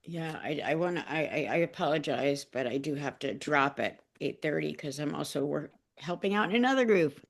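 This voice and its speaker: Woman group member, near tears, self-deprecating, halting and raw. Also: deep voice, lively intonation, gravelly. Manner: emotional, self-deprecating, many restarts. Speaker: group participant. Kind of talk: casual heartfelt sharing.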